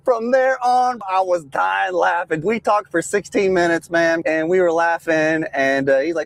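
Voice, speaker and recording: A man's voice: fairly high pitch, moderate pace, creaky, few pauses. Chatty trucker man telling a story. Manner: animated, laughing, says man and dude a lot. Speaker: trucker and channel host. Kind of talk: casual storytelling to camera.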